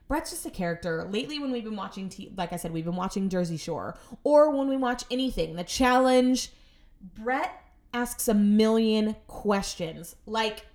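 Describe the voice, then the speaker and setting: A woman's voice: mid-range voice, lively intonation, moderate pace, darkish tone. A woman telling stories about her home life in a casual monologue, chatty and exasperated, with sarcastic asides.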